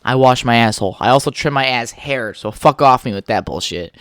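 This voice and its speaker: A man's voice: mid-range voice, a little fast, fairly bright tone, no echo, studio quality. A young man hosting a podcast, rambling through stories with lots of swearing and frequent laughter. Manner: rambling, profane, laughs often. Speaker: podcast host. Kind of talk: casual solo podcast chat.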